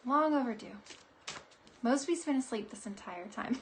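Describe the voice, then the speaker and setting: A woman's voice: fairly high pitch, animated, moderate pace, a little hiss or hum. A woman psychic giving a live-streamed oracle card reading, bubbly and giggly in a chatty way. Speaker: psychic reader.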